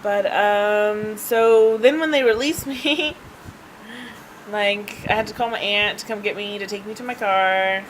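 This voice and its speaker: A woman's voice: medium pitch, steady tone, unhurried, a little hiss or hum, poor audio. A woman vlogger telling a personal story in a rambling, chatty way, laughing often and filling gaps with ums and restarts, recorded on a handheld device. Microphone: handheld device camera.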